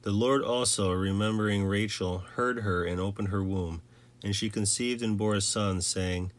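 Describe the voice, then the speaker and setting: A man reading scripture aloud in a low voice. He keeps a measured, steady pace and now and then stumbles and restarts a phrase. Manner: measured, with occasional slips and restarts. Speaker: scripture reader.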